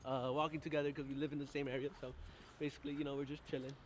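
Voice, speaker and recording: A man's voice: medium pitch, level tone, racing, a little hiss or hum. A young man filming a casual vlog outdoors at night, joking and laughing with a friend as he walks home. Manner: laid-back, joking, laughs often. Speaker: vlogger filming a friend's birthday. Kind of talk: casual chat. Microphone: handheld camera.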